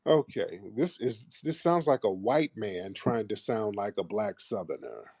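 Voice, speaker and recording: Male call-in host, low husky voice, combative, mocking banter. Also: lively intonation, a little slow, darkish tone, no echo, studio quality. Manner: combative, trades insults and mockery with callers. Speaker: host of a live audio call-in show. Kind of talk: casual call-in chat.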